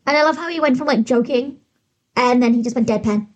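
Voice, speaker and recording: Woman, podcast guest, high pitch, breathy, enthusiastic casual chat. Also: fast, muffled recording. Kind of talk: casual movie-review chat.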